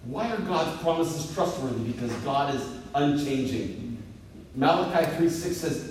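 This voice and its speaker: A man in his fifties preaches a sermon with a voice that rides a little high and swoops up and down as he tells jokes on himself. He is heard from some way off in a very echoey hall, with a faint hiss underneath. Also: a little slow, long pauses. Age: 50s. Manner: lively, self-deprecating storytelling with swooping pitch. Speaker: pastor. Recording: echoey hall picked up from a distance.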